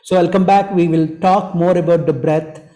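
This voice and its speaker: A man, teaching breathwork to an online group in a gentle, repetitive way that leans on "you know". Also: high voice, steady tone, moderate pace, roomy sound, low-quality recording. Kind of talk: online group workshop talk.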